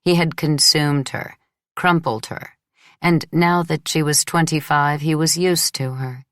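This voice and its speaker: A woman reading a first-person novel as an audiobook in a measured, steady way. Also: deep voice, no room sound, clean studio sound. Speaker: audiobook narrator. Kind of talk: first-person literary narration.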